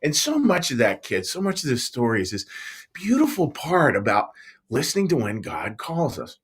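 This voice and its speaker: A man, a pastor, telling a Bible story to young children in a playful, animated way, speaking right to the kids. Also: mid-range voice, normal speed, slightly rough.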